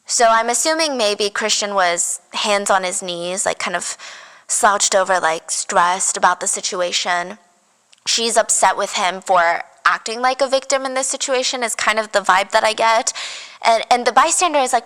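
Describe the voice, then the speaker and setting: A woman's voice: a little high, animated, normal speed, bright, forceful tone, big-room sound. A woman hosting a podcast, recounting events in a casual, conversational way with frequent filler words. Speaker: podcast host.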